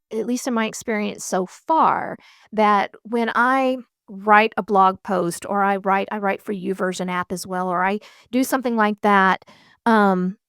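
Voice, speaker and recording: A woman's voice: mid-range voice, a bit bright, smooth, dry recording, clean studio sound. A woman hosting a podcast, chatting casually and acting out her own thoughts with animation. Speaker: podcast host.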